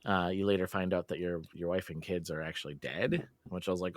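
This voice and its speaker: A man's voice: low voice, fairly even intonation, a little fast, no echo. A man hosting a podcast, chatting casually and telling a story with laughs and lots of filler words. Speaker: podcast host.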